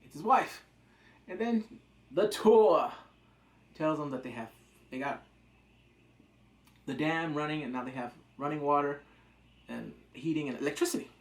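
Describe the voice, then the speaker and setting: A man's voice: a little high, lively intonation, measured pace, long pauses. Rambling man recapping a show, roomy echo. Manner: rambling, jokey, acts out quotes. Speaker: TV episode reviewer. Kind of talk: casual recap chat.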